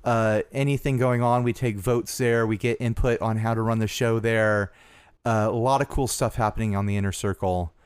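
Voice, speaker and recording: A man co-hosting a podcast in casual chat, relaxed and rambling, laughing easily. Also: fairly low pitch, moderate pace, clear, resonant tone, dry recording, clean studio sound. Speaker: podcast co-host.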